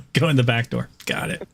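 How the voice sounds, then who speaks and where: A man's voice: medium pitch, creaky, a bit bright. A man streaming and chatting casually, joking and laughing often. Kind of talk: casual chat.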